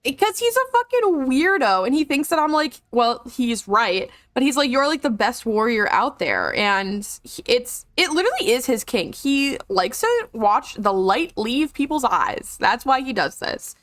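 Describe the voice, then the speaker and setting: An excitable woman commentating on a video game during a live stream, chatting freely and swearing. Her voice sits fairly high and leaps around in pitch. The sound is close and dry, with faint game music underneath. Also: unhurried, hardly any pauses, no echo.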